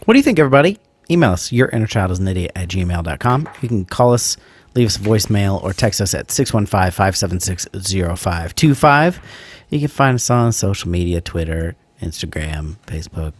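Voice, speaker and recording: A man's voice: sits low, expressive, a little fast. A man co-hosting a casual podcast, joking and reading out listener credits. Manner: jokey, slips into mock courtroom accents. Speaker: podcast co-host.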